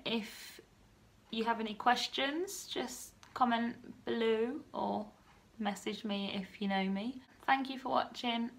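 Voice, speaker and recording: A woman in her twenties, talking softly and a bit nervously in a personal vlog. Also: on the high side. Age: 20s. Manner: soft-spoken and nervous, often hushed. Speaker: vlogger.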